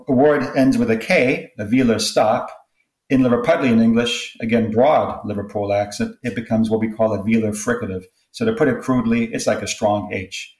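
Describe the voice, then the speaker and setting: A man who is a linguistics expert, explaining points in an interview in a lecturing way and giving spoken examples. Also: mid-range voice. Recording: roomy echo.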